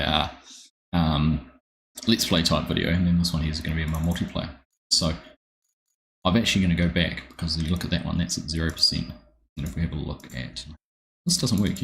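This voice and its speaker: A man with a New Zealand accent chats casually on a live game stream. His voice sits very low, and he rambles in a friendly way, greeting viewers one by one. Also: fairly bright tone, slight background noise.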